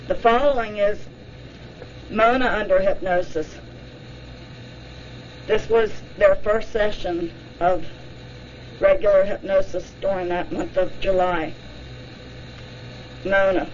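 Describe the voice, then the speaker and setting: Brief: female documentary narrator, measured and slow, muffled lo-fi sound. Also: mid-range voice, slight background noise.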